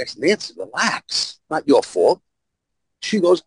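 A New York man, a guest on a podcast, tells blunt, profane stories in animated fashion and acts out the voices of the other people in them. His voice sits on the high side, swings widely in pitch, and is unhurried and slightly rough. The recording quality is low.

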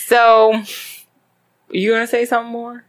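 A woman hosting a podcast, casually retelling a true crime story with lots of swearing and animated acted-out quotes. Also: a little high, measured pace. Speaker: podcast host.

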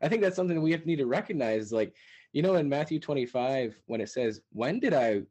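A man hosting a podcast, talking in a relaxed, soft-spoken way in casual conversation. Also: medium pitch, fast talker. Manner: soft-spoken, brief affirming interjections. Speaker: podcast host.

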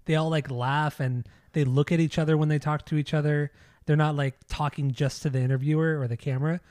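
A man co-hosting a music podcast, talking casually and swearing freely as he argues his opinions. His voice sits a little high with a mellow, relaxed tone. It is recorded dry and close. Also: brisk, no room sound. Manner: profane, opinionated, blunt. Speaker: podcast co-host. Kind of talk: casual chat.

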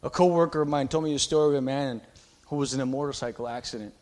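A male pastor preaching a sermon with passion, swinging between loud exhortation and quiet, confiding asides. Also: mid-range voice, quick pace.

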